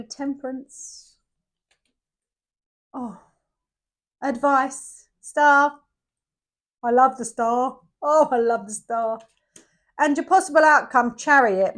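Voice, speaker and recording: High-voiced chatty woman reading tarot. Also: fairly bright tone. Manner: chatty, jokey, frequent exclamations. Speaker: tarot reader. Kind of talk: casual tarot reading to camera.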